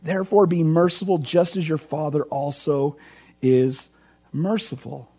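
A middle-aged teaching pastor preaches in a conversational, informal style, asking his congregation questions and telling personal stories. His fairly high voice is dark and breathy, with a steady tone and measured pace.

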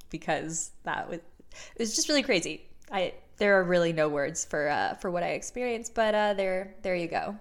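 Chatty young woman with a low voice. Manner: chatty, candid, swears freely, restarts sentences. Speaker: vlogger. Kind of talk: casual storytelling to camera.

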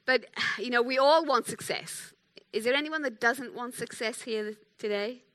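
A woman's voice: a little high, normal speed, a bit bright. A woman preaching a sermon in a chatty, self-deprecating way, acting out quotes.

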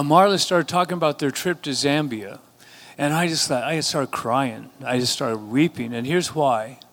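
A man's voice: medium pitch, a bit bright. A man pastoring his church, preaching a sermon and rising to emphatic call-and-response exhortations. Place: church sanctuary.

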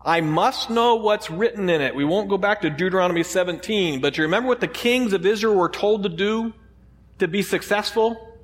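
A pastor with a high voice preaches to his congregation in a loose, conversational way, throwing out rhetorical questions as he goes. His voice rings with the long reverb of a church hall. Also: a little fast. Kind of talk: sermon.

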